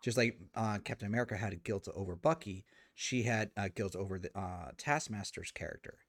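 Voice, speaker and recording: A man co-hosting a casual movie review chat, speaking in a measured, hesitant way with many fillers. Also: fairly low pitch, no echo, clean studio sound. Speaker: podcast co-host.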